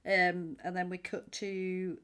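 A chatty woman recapping a film with a friend on a podcast. Her voice sits on the low side for a woman. She talks in easy, animated bursts and slips into little acted-out reactions. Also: slow pace, clean tone. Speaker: podcast co-host. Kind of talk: casual film-discussion chat.

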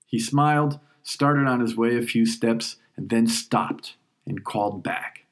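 A man tells his own story in a mid-range voice. He narrates reflectively and with feeling, letting moments breathe. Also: medium pitch. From New York. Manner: reflective, emotional, unhurried. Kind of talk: first-person story narration.

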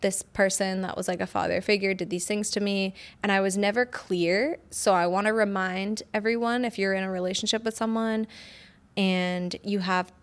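Frank, animated woman podcast host. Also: mid-range voice, normal speed. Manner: frank and animated, swears freely, acts out quoted dialogue. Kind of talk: candid podcast conversation.

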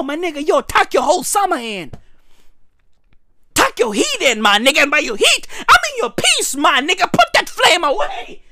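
A woman doing a loud, crude comic rant, shouting often and stretching her words for effect. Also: very high-pitched. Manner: loud, exaggerated, crude ranting with frequent shouts.

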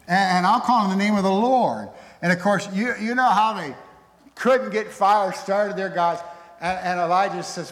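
Man, pastor, sermon, emphatic and chatty, slightly high voice, echoey church hall. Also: a bit bright. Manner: conversational, emphatic preaching. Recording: echoey hall with long reverb.

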